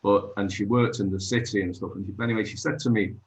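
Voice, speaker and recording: A man's voice: lowish voice, fairly even intonation, fast, rough recording. A man, hosting an open mic over a video call and chatting in a rambling, storytelling way. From Manchester, England. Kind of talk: casual chat.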